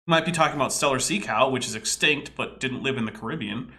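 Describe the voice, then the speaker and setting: A man's voice: medium pitch, quick pace, pushed and bright. A man hosting a casual commentary podcast, exasperated and nitpicking as he lectures about a video. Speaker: podcast host.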